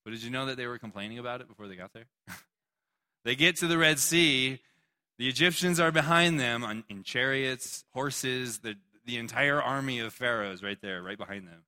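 A young man preaching a lively sermon with a bright, forceful voice. He jokes as he goes and calls on people in the room by name. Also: mid-range voice, moderate pace. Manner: animated, joking, takes questions from listeners. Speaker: pastor. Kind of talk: youth sermon.

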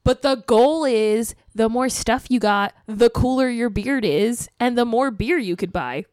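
A woman's voice: on the high side, a little slow, darkish tone, no echo, clean studio sound. A young woman chatting casually as a podcast co-host, rambling and laughing often. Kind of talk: casual chat.

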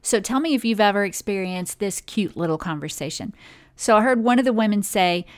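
A woman hosting a motivational talk on well-being. She speaks directly and conversationally to her listeners, with a voice of middling pitch. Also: expressive, fairly quick.

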